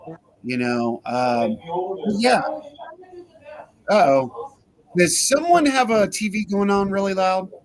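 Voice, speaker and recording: A man's voice: high-pitched, animated, takes it slowly, long pauses. A man hosting a casual online holiday chat, upbeat and playful, greeting guests by name over a video call. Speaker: host.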